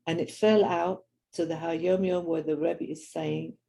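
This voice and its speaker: A woman's voice: fairly low pitch, fairly even intonation, normal speed, gravelly, warm tone, rough recording. An older woman with a London accent telling personal stories earnestly, acting out the people she quotes. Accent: London English. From grew up in London. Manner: earnest storyteller who acts out quoted people. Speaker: Jewish women's teacher and speaker. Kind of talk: personal storytelling talk.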